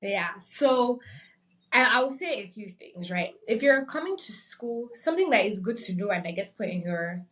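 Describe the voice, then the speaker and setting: A young adult woman from Nigeria, a podcast guest, telling a story in a casual, animated way and acting out the voices of the people in it. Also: medium pitch, moderate pace, recorded from a distance. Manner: animated, acts out quoted voices.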